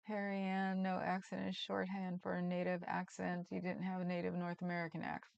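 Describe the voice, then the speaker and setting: A woman's voice: on the low side, monotone, brisk, gravelly, lo-fi sound. A woman hosting a livestream, chatting casually and rambling with frequent laughs. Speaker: livestream host. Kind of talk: casual chat reading comments.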